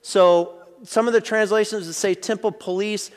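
A man with a high voice preaches a sermon in a hall with a long reverb. He talks through the passage in a relaxed, conversational way, often restarting his sentences. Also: moderate pace. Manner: explanatory, conversational teaching with many restarts. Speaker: pastor.

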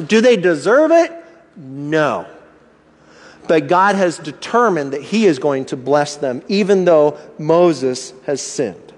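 A man's voice: a little high, long reverb tail. A man preaching a sermon as pastor, asking rhetorical questions and acting out inner thoughts with animation.

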